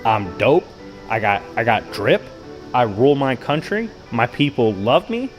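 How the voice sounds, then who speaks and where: A man's voice: medium pitch, animated, measured pace, soft background music, natural voice. A man voicing an arrogant comic-book villain king who talks in swaggering, dismissive slang as he retells a comic story. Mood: boastful.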